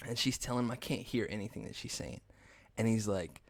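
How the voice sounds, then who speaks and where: A man's voice: on the low side, fairly even intonation, a little fast, no echo. A young man hosting a podcast, rambling through casual, profane stories and laughing at his own jokes. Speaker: podcast host. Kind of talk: casual storytelling monologue.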